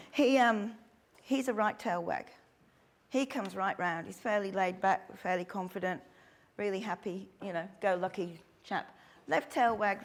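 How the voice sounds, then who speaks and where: Middle-aged aussie lady talking dog training to a class, chatty and lively. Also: medium pitch, creaky. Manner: chatty, animated, acts out little quotes. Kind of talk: workshop talk to instructors.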